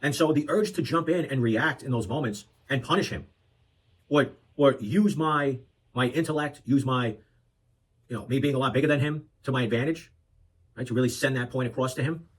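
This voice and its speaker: A man in his thirties talks earnestly about being a father, with a husky, slightly breathy voice at an ordinary middle pitch. He often restarts his sentences and slips in rhetorical asides as he reflects. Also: moderate pace, poor audio. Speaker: parenting vlogger. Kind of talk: reflective talk to camera.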